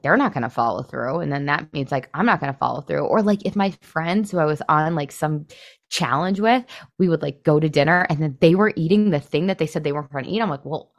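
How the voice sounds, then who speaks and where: A woman co-hosting a podcast in casual chat, talking fast and loose with lots of fillers and acted-out quotes. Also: lowish voice. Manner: chatty, filler-heavy, acts out quotes. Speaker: podcast co-host.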